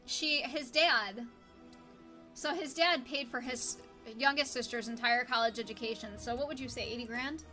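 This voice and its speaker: A woman co-hosting a live stream with her husband, chatty and quick to laugh. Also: a little high, sharp tone, faint music behind. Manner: chatty, emotional, laughs a lot. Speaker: streamer's wife and co-host. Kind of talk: casual live-stream chat.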